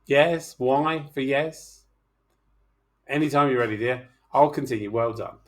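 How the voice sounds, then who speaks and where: A man's voice: medium pitch, a little slow. A middle-aged man teaching chemistry in an online class, talking through problems in a chatty, teasing way and coaxing his students to speak up.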